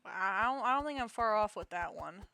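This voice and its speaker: A young woman chats to her stream audience while she plays, telling a long story at an easy middle pitch. She rambles, restarts her sentences and pokes fun at herself. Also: animated, fairly quick, gravelly, bright, forceful tone. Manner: rambling, self-mocking storytelling with many restarts. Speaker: game streamer. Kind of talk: casual live-stream chat.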